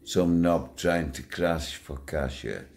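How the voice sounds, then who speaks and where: A man's voice: very deep voice, slow pace, vocal fry, a little mellow, a little hiss or hum. An older man, talking bluntly to his channel's viewers, swearing freely and chuckling through his stories. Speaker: channel owner. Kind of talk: casual rambling monologue to viewers.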